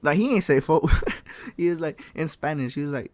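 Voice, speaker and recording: A young man in a casual storytime vlog, slangy and animated, swearing often and calling the listener folk and bro. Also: on the high side, normal speed, no echo. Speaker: vlogger.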